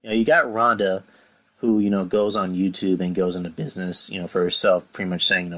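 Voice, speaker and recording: Brief: profane podcast host, lowish bright voice, rambling and worked up. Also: male voice, little pitch movement, quick pace, rough recording. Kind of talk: casual wrestling review podcast.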